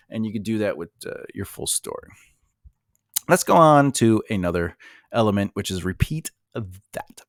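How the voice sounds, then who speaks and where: A man's voice: lowish voice, dry recording, studio quality. A man teaching writing in a loose, rambling style, talking casually with fillers and restarts. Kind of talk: casual instructional talk.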